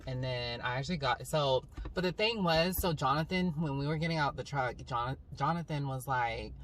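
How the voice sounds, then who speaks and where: A young woman telling a story to camera in a casual, rambling vlog style, full of "like" and "um". She tells it in an animated, dramatic way. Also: very deep voice, normal speed. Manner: rambling, filler-heavy, with 'like' and 'um'. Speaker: vlogger. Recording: slightly distant mic, faint background hum.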